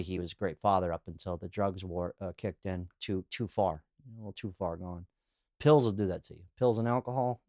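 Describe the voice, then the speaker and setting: A man's voice: on the low side, a little mellow, dry recording, studio quality. A man hosting a podcast, talking through read-out comments in a loose, candid, rambling way, full of "you know" and "like". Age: adult, calls himself too old. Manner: laughs while telling anecdotes. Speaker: podcast host. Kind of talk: casual solo monologue, reacting to read-out comments.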